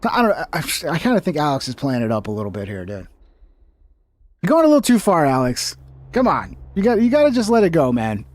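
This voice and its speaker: A man's voice: a little high, huge pitch swings, fairly quick. Skeptical young man reacting casually. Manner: casual, skeptical, swears freely. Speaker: commentary streamer.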